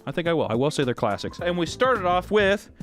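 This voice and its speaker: A man's voice: a little high, big pitch swings, a little fast, soft background music. A young man giving sarcastic, profane comedic commentary while reviewing old movies. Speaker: video reviewer.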